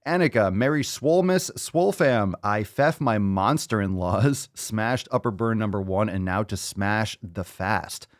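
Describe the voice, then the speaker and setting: A man's voice: on the low side, unhurried, few pauses, dry recording, clean studio sound. A man hosting a casual livestream podcast, brash and profane, hyping people up and repeating phrases for emphasis. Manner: brash, profane, hyped-up gym talk. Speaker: podcast host.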